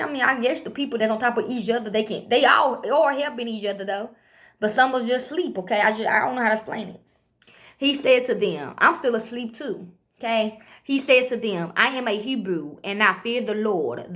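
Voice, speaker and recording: A woman, reading scripture slowly and breaking into rambling, profane commentary with constant "okay?" asides. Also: medium pitch. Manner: reads slowly, then rambles fast with frequent "okay?" and swearing. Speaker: amateur preacher.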